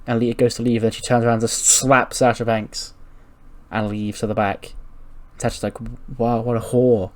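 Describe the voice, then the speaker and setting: A man's voice: medium pitch, flat delivery, normal speed. A man hosting a gaming channel, narrating a let's-play in a rambling, casual way, swearing freely and laughing.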